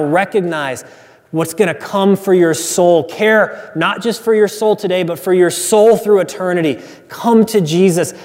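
A male pastor delivers an earnest, emphatic sermon, circling back to repeated refrains for emphasis. His voice sits a little high for a man. The sound carries a long, reverberant hall tail. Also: a little mellow.

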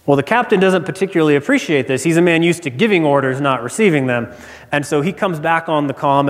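A pastor preaching a sermon in a relaxed, conversational storytelling way that builds to emphatic repetition. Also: male voice, fairly high pitch, fast. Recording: church hall reverb.

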